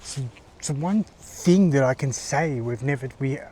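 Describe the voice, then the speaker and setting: A man in his forties with an Australian accent, vlogging in a casual, halting monologue full of fillers and restarts, from a car on the road. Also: mid-range voice, warm tone, husky. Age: 40s.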